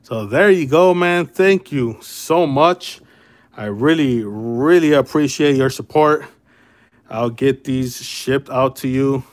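A man hosts a casual livestream card break at an easy, unhurried pace. His talk is laid-back and chummy, calling viewers brother and man. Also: medium pitch. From Chicago area.

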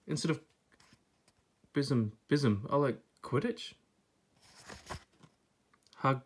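A man's voice: on the high side, fairly bright tone, husky. Chatty young Scottish man. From Scotland. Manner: chatty, laughs often, reads aloud haltingly. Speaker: vlogger. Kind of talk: casual unboxing chat.

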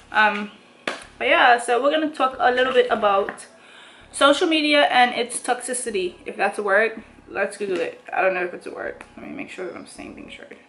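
A woman's voice: medium pitch, noisy background. A young woman from Bermuda, vlogging and chatting casually while she eats, rambling and rephrasing as she goes. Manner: rambling, restarts and rephrases her thoughts. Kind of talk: casual chat while eating.

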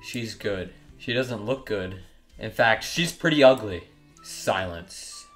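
A man's voice: fairly low pitch, lively intonation, slow pace, fairly bright tone, faint music behind. A young man giving crude, mocking commentary while trolling other players in an online game. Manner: joking, mocking, crude humor. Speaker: gaming YouTuber.

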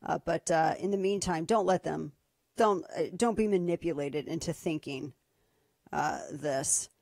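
A woman's voice: low-pitched, unhurried, no room sound. Sarcastic woman radio host, dry studio. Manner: sarcastic, mocking, lively asides. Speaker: radio talk show host. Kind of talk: casual political talk radio.

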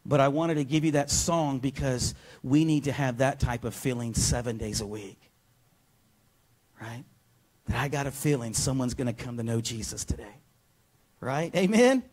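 A man preaching a sermon as pastor in a church, energetic and often calling out to the congregation for a response. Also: mid-range voice. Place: church sanctuary.

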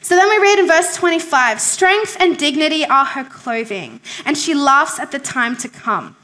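A woman's voice: high voice, very animated, moderate pace, bright, forceful tone. A woman pastor preaching a sermon in a conversational, emphatic way, asking the congregation questions and repeating key phrases.

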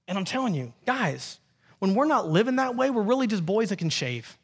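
A man in his thirties, a pastor preaching a lively sermon and acting out quotes in playful voices. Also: high voice, brisk, husky. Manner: animated, acts out quotes in funny voices. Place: church sanctuary.

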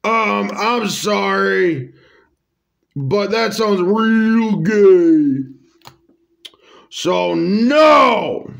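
A man's voice: high-pitched, animated, extremely slow, vocal fry, pauses often, a bit bright, exaggerated voice. A man voicing a whiny, reluctant male cartoon dinosaur who stammers through his complaints. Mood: indignant.

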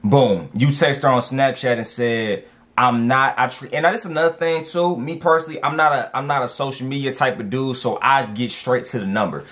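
A man giving casual dating advice as he reacts to text messages, animated and slangy, repeating lines for emphasis. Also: medium pitch, a little fast.

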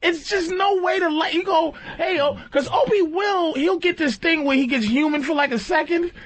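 A man bantering on a radio talk show, loud and profane, laughing as he acts out the other people he talks about. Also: very high-pitched, moderate pace. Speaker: comedian guest.

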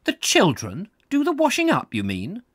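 A man's voice: high-pitched, wildly swooping pitch, moderate pace, a bit bright, no echo, clean studio sound, pitched above the performer's own voice, full character voice. A man reading aloud, voicing a curt, defensive woman who runs a hospital kitchen and answers sharply. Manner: short, snappish replies.

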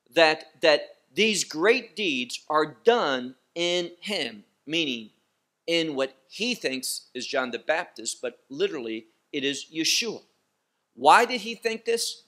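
A man teaching a bible study, speaking slowly and emphatically, repeating phrases to drive his points home. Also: a little high, pushed and bright. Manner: slow, emphatic, with pointed repetition.

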